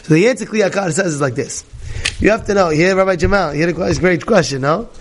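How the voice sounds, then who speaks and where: A male rabbi giving a Torah class, telling animated stories, often laughing and repeating himself. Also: sits high, fast. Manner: animated storytelling, many repetitions; laughs often while talking.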